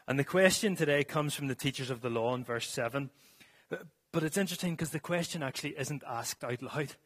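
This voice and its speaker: A man's voice: a little high, fairly quick, a bit bright. A man preaching a sermon to a congregation in a church, reading scripture and then explaining it earnestly, with some restarts.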